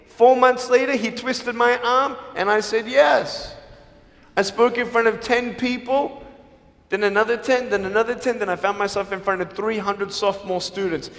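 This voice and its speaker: Emphatic high-voiced man in an echoey hall. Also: fairly even intonation, normal speed. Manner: emphatic, swings from hushed to shouting. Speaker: motivational speaker. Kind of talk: motivational speech to a live audience. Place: large school hall with an audience. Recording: echoey hall, faint music behind.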